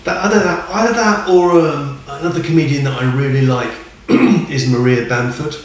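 A man's voice: fairly high pitch, normal speed, distant mic. A man chatting casually as a podcast guest, rambling and enthusiastic and chuckling often. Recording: echoey room, off mic.

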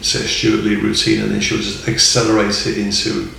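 A man's voice: on the low side, completely flat delivery, fairly quick, gravelly, bright, forceful tone, distant mic, a little hiss or hum. A man chatting casually as a podcast guest, rambling and enthusiastic and chuckling often. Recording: echoey room, off mic.

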